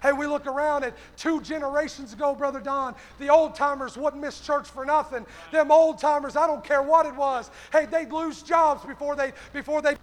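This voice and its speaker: High-voiced preacher man. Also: steady tone, normal speed, hardly any pauses. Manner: punchy preaching, peppers lines with "hey". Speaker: pastor. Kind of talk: sermon.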